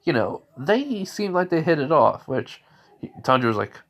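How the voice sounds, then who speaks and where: A man's voice: fairly high pitch, sing-song, moderate pace. A man improvising a fan story, rambling and correcting himself as he goes.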